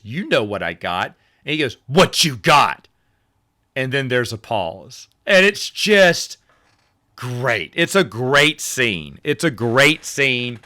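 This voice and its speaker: A man's voice: fairly high pitch, bright, forceful tone. A middle-aged man chatting casually about his favorite films, rambling and repeating himself and acting out lines he quotes. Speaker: host ranking movies. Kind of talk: casual solo movie talk.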